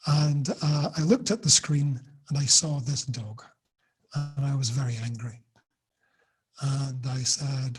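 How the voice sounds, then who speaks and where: A man's voice: medium pitch, unhurried, breathy edge. A middle-aged man teaching an online class, explaining and telling a personal story with examples. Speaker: teacher trainer.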